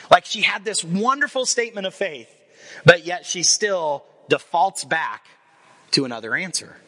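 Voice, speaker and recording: A man in his forties preaching a sermon, telling the story with lively acted-out quotes. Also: fairly high pitch, normal speed, breathy edge. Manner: animated storyteller acting out quoted voices. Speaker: pastor.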